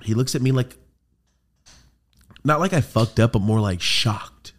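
A man hosting a podcast, telling a rambling, profane story in casual chat and getting animated as it builds. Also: medium pitch, unhurried. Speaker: podcast host.

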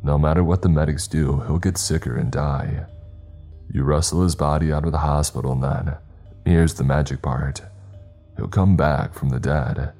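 A gravelly criminal on the phone, cold and unhurried, laying out his orders with menace, as a narrator puts him on. The voice sits extremely low and dark, with faint music behind it. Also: steady tone. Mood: menacing.

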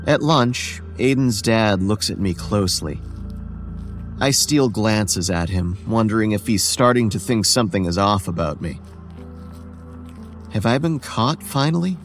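A weary, ageless boy tells his story, as a man narrates it. The low voice stays quiet, measured and tired, like horror storytelling on a podcast. Soft music sits faintly behind it. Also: lively intonation. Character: weary, homeless boy who looks about eleven.

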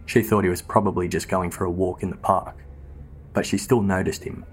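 A man giving scripted true crime narration in a steady, measured storytelling manner. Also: low voice, breathy edge. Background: faint background music.

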